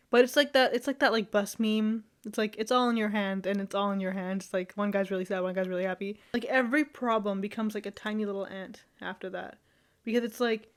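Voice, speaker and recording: A young woman vlogging in a loose, rambling chat, full of fillers, easy laughs and casual swearing. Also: medium pitch.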